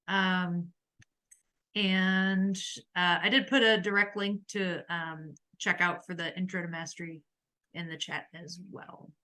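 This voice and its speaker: A bright, clear-toned woman in her forties speaking on a video call. She co-hosts an online class and talks in a chatty, hesitant way, packing her sentences with um and like. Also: medium pitch. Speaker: webinar co-host. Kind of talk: casual webinar talk.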